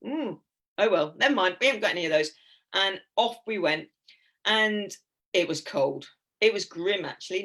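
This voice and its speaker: An English woman in her fifties talks to a club audience and moves through her slides as she goes. She tells her stories in a chatty, giggly way, her voice sitting at a moderate pitch. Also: a bit bright. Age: 50s. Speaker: guest speaker at a club talk. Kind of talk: anecdotal talk with slides.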